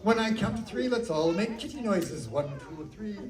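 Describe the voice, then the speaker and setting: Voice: mid-range voice, expressive, moderate pace. A children's magician performing a live show, playfully coaxing the audience with countdowns and a magic word. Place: library activity room, indoors. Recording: distant, echoey, loud crowd noise. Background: noisy crowd of children.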